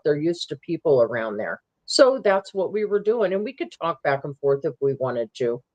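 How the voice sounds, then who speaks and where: A woman guest recounting a personal camping encounter in a halting way, with many ums and restarts. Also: on the low side, a little mellow, dull audio.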